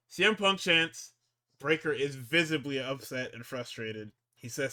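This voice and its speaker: In a casual, profanity-laced chat, a male podcast co-host rambles through wrestling recaps, constantly swearing and restarting after stumbles. His mid-range voice has lively intonation and a bright, forceful tone, delivered at a measured pace.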